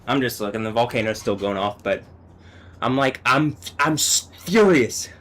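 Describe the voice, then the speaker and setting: A man on a live stream, talking alone in an agitated, profane rant that swings between low muttering and yelling. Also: lively intonation, moderate pace. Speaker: livestreamer.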